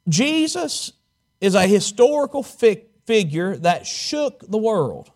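A male pastor from Southwest Virginia preaches a sermon in a high-pitched, very animated voice with a darkish tone. His delivery is dramatic, slowing down and stretching out key words for emphasis as he tells folksy stories.

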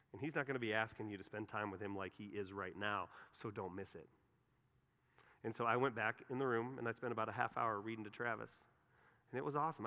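A man in his forties preaching a sermon, telling stories and swinging between loud emphasis and quiet, intimate moments. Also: medium pitch. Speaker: pastor. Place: church auditorium. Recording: long reverb of a church hall.

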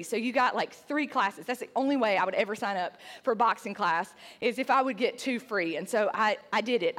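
A woman tells a funny story about herself to a live audience, chatty and self-deprecating. Her voice is high. She fills it with "like" fillers. A long hall reverb trails her words. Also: fairly bright tone. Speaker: speaker. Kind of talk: humorous personal story to an audience.

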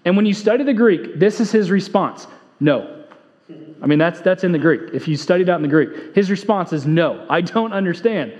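A man's voice: sits high, fast, few pauses, a little mellow. A male pastor preaching a sermon, earnest, repeating key phrases for emphasis and telling stories in a conversational way. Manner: conversational storytelling with fillers. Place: church sanctuary. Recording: long hall reverb, dull lo-fi sound.

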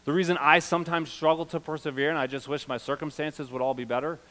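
A middle-aged male pastor preaching a sermon, swinging from loud, emphatic peaks to low, confiding asides.

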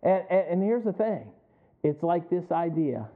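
A middle-aged male preacher with a fairly high voice delivers a chatty sermon. He chuckles as he goes and keeps calling out to the congregation for an answer. The sound is thin and tinny, like it came down a phone line. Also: big pitch swings, measured pace. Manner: conversational, chuckling, asks the congregation for responses.

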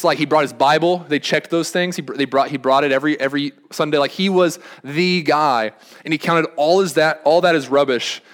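A young male pastor with a fairly high, slightly bright voice preaches a sermon in a conversational way. He rambles, frequently restarting his sentences and going off on asides.

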